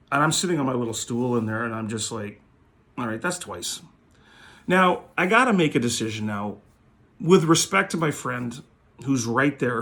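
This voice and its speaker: A man hosting a show, telling a story in a blunt, profane, animated way. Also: mid-range voice. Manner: blunt, swears constantly, animated retelling. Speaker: host, sports card dealer.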